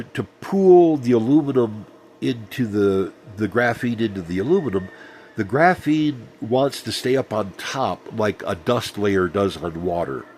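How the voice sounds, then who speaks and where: A man's voice: fairly low pitch, darkish tone, a little hiss or hum. A middle-aged man, rambling through a casual vlog monologue with many ums and restarts. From Southern United States. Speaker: vlogger.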